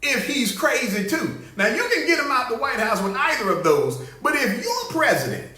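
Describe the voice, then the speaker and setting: Lively guy hosting a funny live show, high pitched, echoey room. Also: normal speed. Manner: animated, laughing, greets viewers by name. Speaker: show host. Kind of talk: comic live commentary. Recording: roomy echo.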